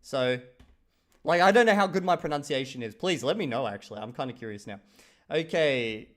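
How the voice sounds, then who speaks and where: A man, a young adult, chatting casually on a live stream and reading viewer comments aloud, animated and quick to laugh, with casual swearing. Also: medium pitch. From Australia.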